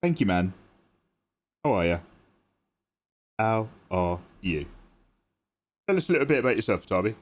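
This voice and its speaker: A man's voice: lowish voice, big pitch swings, normal speed, pauses often. A British man chatting playfully and joking with viewers during a drawing livestream. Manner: playful, jokey, thanks viewers by name. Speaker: art livestreamer. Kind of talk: casual livestream chat while drawing.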